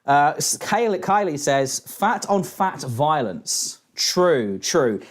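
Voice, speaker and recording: Mocking British man, lively voice. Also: fairly high pitch, slow pace. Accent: British English. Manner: mocking, profane, rambling, laughs often. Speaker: commentator reacting to a clip. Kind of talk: sarcastic reaction commentary.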